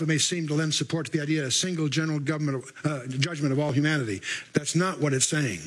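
Husky older man teaching a sermon. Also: a little high, a bit bright, low-quality recording. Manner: conversational teaching with asides and emphatic scripture reading. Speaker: Bible teacher.

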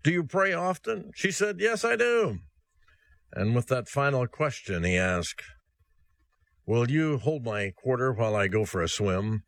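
A man's voice: mid-range voice, very animated, normal speed, no echo. A man preaching a short radio sermon, speaking straight to the listener with earnest urgency, rhetorical questions and folksy asides. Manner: earnest, direct address to listener.

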